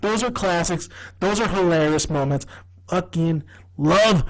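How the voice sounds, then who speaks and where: A man's voice: high-pitched, unhurried, rough recording. A man giving a casual video review of a TV comedy, rambling, swearing freely and laughing often. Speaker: TV show reviewer.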